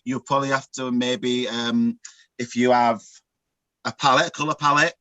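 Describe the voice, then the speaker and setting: A man with a Northern English accent, a guest drag makeup artist, chats camply and giggles over a video call from home, calling people "girl" and "love." His mid-range voice is bright and forceful with fairly even intonation at normal speed, picked up by a computer mic with no echo and a muffled sound.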